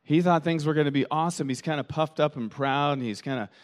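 A pastor with a slightly high voice preaches a sermon at a quick pace. He tells stories animatedly, quoting other people's voices, and often repeats words as he thinks.

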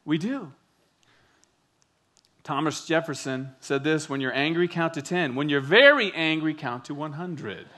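A man preaching a sermon with a bright, forceful voice that sits a little high. He tells stories with animated delivery, acting out the quotes. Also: unhurried. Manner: animated storytelling, acts out quotes. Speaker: pastor.

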